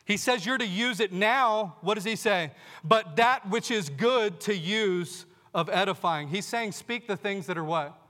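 A man preaching a sermon, his high, bright voice ringing through a church sanctuary with a long reverb. He keeps putting rhetorical questions to his congregation. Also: a little slow, hardly any pauses. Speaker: pastor. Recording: long reverb of a large hall.

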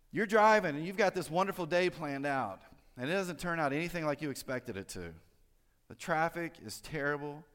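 A man's voice: on the high side, fairly bright tone, clean tone, long reverb tail. A pastor giving a conversational sermon, drawing his listeners in with friendly tag questions.

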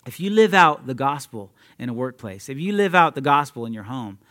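A young adult man preaching a sermon in an energetic, conversational way, laughing often and talking straight to his listeners. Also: medium pitch, a little fast. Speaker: preacher at a youth ministry.

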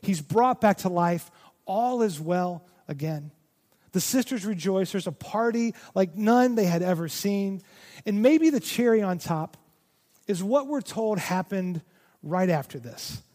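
A male pastor delivers a heartfelt sermon with a rather high-pitched voice. He pushes some phrases out with force and drops others to a hush. His words ring out with a long echo through a large church sanctuary. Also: expressive, unhurried. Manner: impassioned, swinging from loud emphasis to hushed near-whispers. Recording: long reverb of a large hall.

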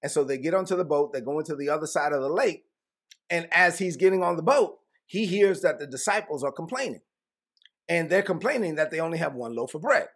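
A man preaching a sermon in a lively way, slipping into casual slang as he acts out scenes. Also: a little high, a little fast. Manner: animated, acts out biblical dialogue in casual slang. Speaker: pastor.

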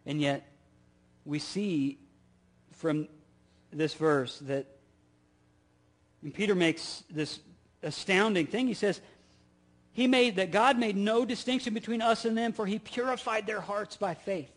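A middle-aged male pastor preaching a sermon, repeating key phrases, asking the listeners rhetorical questions, and swinging from loud emphasis to soft asides. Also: high-pitched, unhurried, long pauses.

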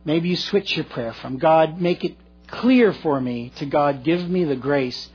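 A middle-aged male pastor preaching a sermon, telling a story earnestly and swinging between loud and hushed delivery. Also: fairly high pitch, animated, a little slow, breathy edge, faint music behind. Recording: dull lo-fi recording.

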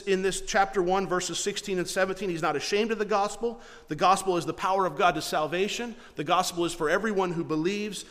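A man preaching to his congregation, his fairly high voice carrying through a church hall with a long reverb. He teaches earnestly, posing rhetorical questions and circling back over his words. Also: fairly bright tone. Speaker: pastor. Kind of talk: sermon.

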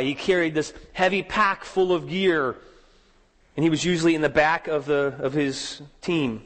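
A man preaching a sermon, telling a story with rising dramatic emphasis and slowing down on key words. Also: on the high side, long reverb tail. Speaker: pastor.

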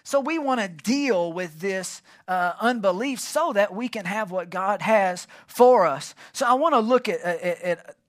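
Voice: medium pitch, animated, unhurried. A pastor preaching a sermon at a church service, emphatic and prompting the congregation to fill in words.

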